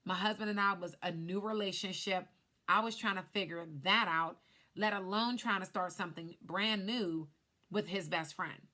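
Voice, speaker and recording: A woman's voice: medium pitch, moderate pace, sharp tone. A woman who works as a life insurance agent, casually telling viewers her personal story in a chatty vlog. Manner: chatty, speaks straight to viewers.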